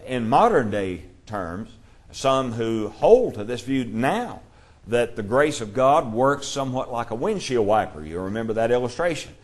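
Man teaching a measured Bible class. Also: mid-range voice. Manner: measured, explanatory, reads scripture aloud.

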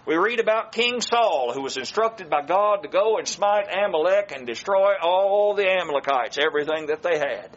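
Slow, emphatic male preacher. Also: sits high, animated, a bit bright, highs cut off. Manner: slow, emphatic delivery with dramatic pauses. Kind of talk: sermon.

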